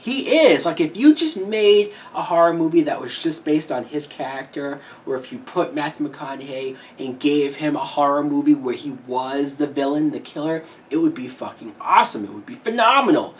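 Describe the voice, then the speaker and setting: A woman reviewing a movie in a heated, profane rant, with sudden shouted peaks. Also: low-pitched, expressive, normal speed, few pauses, recorded from a distance, a little hiss or hum. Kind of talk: ranting film review.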